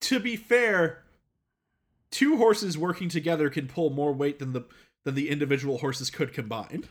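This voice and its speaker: A man's voice: on the high side, normal speed. A man co-hosting a casual chat, explaining things with frequent restarts. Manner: chatty, explains with many restarts.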